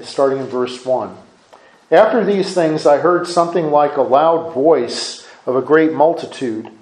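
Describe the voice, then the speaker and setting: A man with a fairly high voice gives earnest, sermon-style Bible teaching. He often repeats and restarts his words as he explains. The sound is roomy and echoey. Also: darkish tone. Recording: echoey room.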